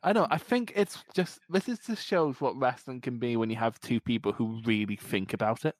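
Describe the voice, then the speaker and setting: A man's voice: medium pitch, no room sound. A man co-hosting a podcast, chatting casually and enthusiastically, swearing as he gushes. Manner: enthusiastic, sweary, quick and animated. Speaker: podcast co-host. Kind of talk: casual chat.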